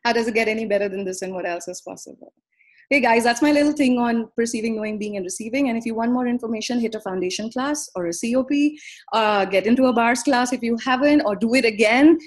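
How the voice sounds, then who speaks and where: Woman guest on a call, earnest animated pep talk, tells stories. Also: a little high, fast talker. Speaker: guest speaker. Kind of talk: motivational talk.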